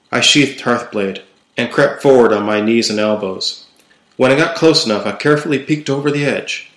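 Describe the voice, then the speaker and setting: Young guy narrating dark fantasy, low voice, slow dramatic reading, echoey room. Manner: measured, dramatic storytelling. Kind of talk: first-person horror fantasy narration. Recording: roomy echo.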